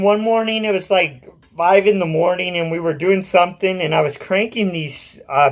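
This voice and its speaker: A man in his twenties telling his own story in a casual, blunt way, swearing freely. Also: a little high. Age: 20s. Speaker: vlogger.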